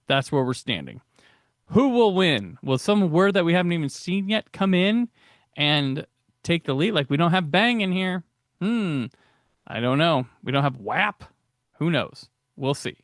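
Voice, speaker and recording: A man's voice: a little high, no room sound, clean studio sound. A man hosting a casual commentary podcast, chatty and laughing often, restarting his sentences. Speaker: podcast host.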